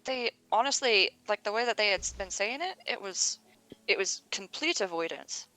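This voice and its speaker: A woman playing in a tabletop game, halting and hesitant, her words full of fillers. Her voice is bright, at a middle pitch. Faint music plays behind her. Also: lively intonation. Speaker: player. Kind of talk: casual tabletop game play.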